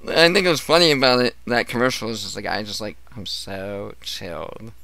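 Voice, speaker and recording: A man's voice: mid-range voice, lively intonation, quick pace, vocal fry, bright, forceful tone, clear, resonant tone, no echo. A man streaming a casual chat, telling stories in a profane, ranting way and acting out the people in them. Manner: profane, ranting storyteller who acts out coworkers.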